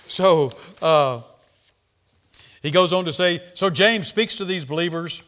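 A middle-aged man preaching a sermon, emphatic, repeating words and swinging from loud to quiet. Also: on the high side, unhurried. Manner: emphatic, repeats words, rises and falls sharply in loudness.

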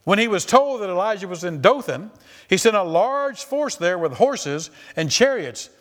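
Animated preacher man, slightly high voice. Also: moderate pace. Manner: animated, repeats phrases, acts out quoted voices. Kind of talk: sermon with scripture reading.

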